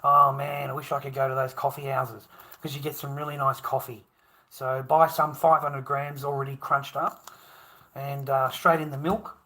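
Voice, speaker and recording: A man's voice: mid-range voice, little pitch movement, moderate pace, pushed and bright. An Australian man hosting a livestream, rambling and chatting to viewers, swearing freely, laughing often and calling everyone mate. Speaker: livestream host. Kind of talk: rambling live-stream chat.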